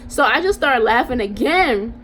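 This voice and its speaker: A young woman spins a casual storytime for her viewers, full of slang and animated asides. Her voice sits a little high. A faint hiss runs under the recording. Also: normal speed. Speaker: vlogger.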